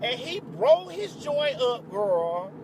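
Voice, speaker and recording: Sassy lady doing a storytime vlog, high voice, cussing and dramatic, lil bit of noise behind. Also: very animated, slow pace, a little mellow. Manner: exclamatory outbursts of disbelief. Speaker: vlogger.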